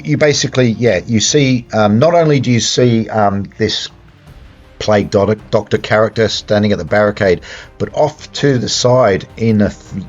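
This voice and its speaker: Deep, husky game master. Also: male voice. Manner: halting, full of fillers and restarts. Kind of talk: narrating a tabletop horror game. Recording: dull lo-fi sound with faint music.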